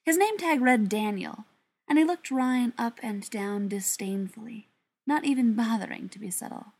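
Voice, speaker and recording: A woman reading a story aloud as narrator, in an even, steady storytelling manner. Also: a little high, moderate pace, breathy edge. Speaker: audiobook narrator. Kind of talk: scripted narration.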